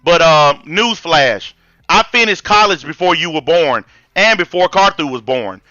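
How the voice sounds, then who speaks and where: A man's voice: fairly high pitch, expressive, a little slow, pushed and bright, no room sound, highs cut off. A man in his forties with a Southern US accent, hosting a live-stream debate and ranting bluntly with heavy profanity. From American South. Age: 40s. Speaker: channel host.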